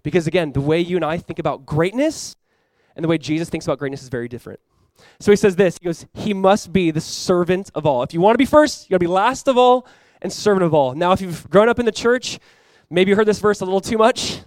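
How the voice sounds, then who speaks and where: A young adult man preaching a sermon as pastor, animated and acting out playful voices for the disciples. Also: sits high, fast talker, few pauses, no echo.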